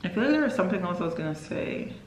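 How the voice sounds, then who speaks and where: A woman's voice: lowish voice, sing-song, very fast, background noise. A young woman vlogging casually to camera, rambling and chatty with lots of fillers and self-corrections. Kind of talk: casual vlog chat to camera. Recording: echoey room.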